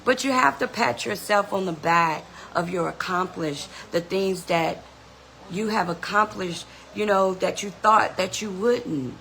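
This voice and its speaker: A woman's voice: lowish voice, measured pace, fairly bright tone, slight background noise, low-quality recording. A woman hosting a podcast, giving an earnest, motivational self-help talk and often saying "you know". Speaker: podcast host.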